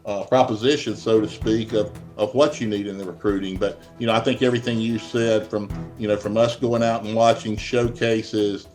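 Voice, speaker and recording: A man's voice: lowish voice, fairly even intonation, normal speed, hardly any pauses, a little mellow, faint music behind. A middle-aged man, a college baseball head coach answering interview questions in a plainspoken, rambling way. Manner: rambling, many restarts, plainspoken.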